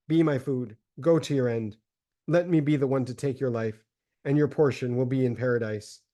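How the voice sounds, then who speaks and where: A man voicing a starving, grief-mad mother in a solemn, measured dramatic reading of a religious text. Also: medium pitch, mellow, lightly acted. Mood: desperate tender.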